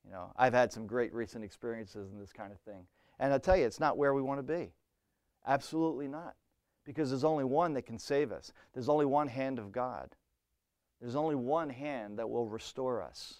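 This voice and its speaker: Man, preacher, sermon, earnest, conversational, mid pitch, dry sound. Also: moderate pace, a little mellow, dry recording. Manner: earnest, conversational, with frequent restarts and "you know".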